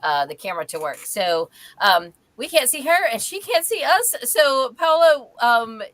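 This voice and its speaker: A woman's voice: fairly high pitch, very animated, measured pace, fairly bright tone, dry recording. A woman hosting a casual live book chat over a video call, chatty with frequent ums and easy laughter. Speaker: host of a live reading chat.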